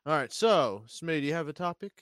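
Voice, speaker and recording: A man's voice: a little high, lively intonation, quick pace, very noisy. A man steering a casual podcast chat, teasing his co-hosts in a dry way.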